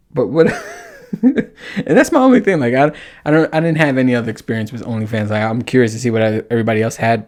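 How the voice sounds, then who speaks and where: A man in the middle of his voice range, talking alone into the mic as a podcast host. He tells his story loosely and with lots of swearing, animated and prone to laughing at himself. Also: medium pitch. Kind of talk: casual solo podcast monologue.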